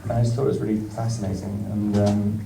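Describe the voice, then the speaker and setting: A man's voice: on the low side, little pitch movement, quick pace, gravelly, noisy background. English guy at a q&a, kinda hesitant, lots of ums, echoey hall, mic far off. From England. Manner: hesitant, many ums, laughs often. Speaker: actor interviewed at a film Q&A. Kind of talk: casual stage Q&A. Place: large screening hall with audience.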